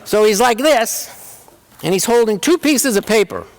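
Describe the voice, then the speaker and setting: Animated man telling stories in a hall. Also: high voice, unhurried. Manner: animated, acts out family members in quoted voices. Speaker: keynote speaker. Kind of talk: humorous personal storytelling. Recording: reverberant hall.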